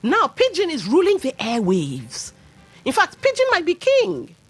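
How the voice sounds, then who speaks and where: Nigerian woman, radio host, lively swooping delivery, opinionated talk, faint music under her. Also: very high-pitched, unhurried. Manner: animated, opinionated, mixes in pidgin asides. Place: radio studio.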